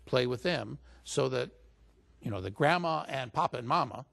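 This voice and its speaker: A man's voice: medium pitch, expressive, moderate pace, gravelly, fairly bright tone. A man as an interview guest, telling a story in a casual way and lifting his voice when he quotes other people. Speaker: interview guest recounting stories.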